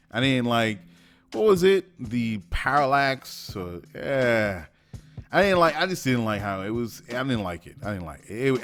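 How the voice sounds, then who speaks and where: A man's voice: mid-range voice, fairly bright tone. A man hosting a podcast, giving opinionated solo commentary with many fillers and restarts. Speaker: podcast host.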